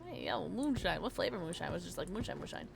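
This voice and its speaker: A woman's voice: fairly low pitch, fast talker, vocal fry, noisy background. Bubbly, tipsy woman streamer. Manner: bubbly, excitable, squeals and laughs a lot. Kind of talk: casual live-stream chat while gaming.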